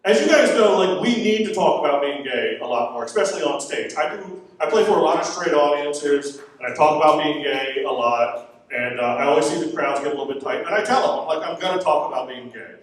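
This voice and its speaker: Wry stand-up comic from Florida. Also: male voice, a little high, animated, brisk. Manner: wry, conversational, self-deprecating delivery. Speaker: stand-up comedian. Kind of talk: stand-up comedy set. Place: comedy club stage. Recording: echoey club from a distance. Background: audience laughter.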